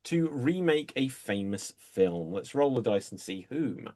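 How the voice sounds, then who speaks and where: A man hosting an improv comedy show, announcing games and calling time in a relaxed way. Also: mid-range voice, a little slow.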